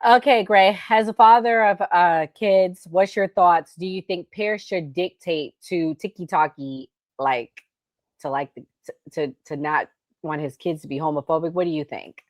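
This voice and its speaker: A woman hosting a casual panel show, steering the talk and asking her guests questions. Her voice sits fairly low and sounds dry and close. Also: measured pace, no echo. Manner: directs the talk, asks questions. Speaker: host.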